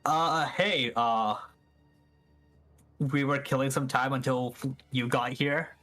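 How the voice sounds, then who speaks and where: A man's voice: fairly even intonation, slow, sharp tone, faint music behind. A man playing an awkward, hesitant adventurer. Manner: hesitant, filler-heavy, rising pitch. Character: awkward blunt adventurer, bad with people. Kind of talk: in-character tabletop role-play.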